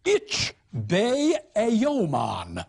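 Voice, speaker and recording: Mac the sneaky sheep thief, read by a woman, putting on airs, drawling slow and grand in old verse, a bit husky. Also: medium pitch, huge pitch swings, darkish tone, exaggerated voice. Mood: pompous. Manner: slow, affected, pompous Middle English reading. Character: deceitful male sheep thief posing as a lordly southerner.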